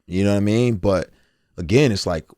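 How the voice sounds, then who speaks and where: A man's voice: lowish voice, fairly quick, no room sound, clean studio sound. A man in his forties, a guest telling his life story candidly and acting out the voices of others. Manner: animated storyteller, acts out quotes.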